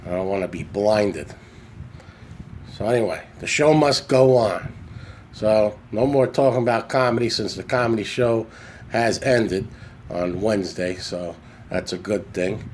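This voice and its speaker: A man's voice: fairly low pitch, unhurried, a little hiss or hum. Chatty New man on a phone. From New York. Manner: rambling, chatty, self-correcting. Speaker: podcast host. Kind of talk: casual storytelling monologue. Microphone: phone camera.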